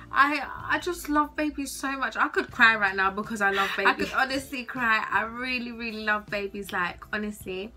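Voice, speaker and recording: A woman's voice: a little high, normal speed, pushed and bright, faint music behind. A young woman chatting to camera from her bedroom, gushing and giggly with casual slang, a little nervous. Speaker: vlogger.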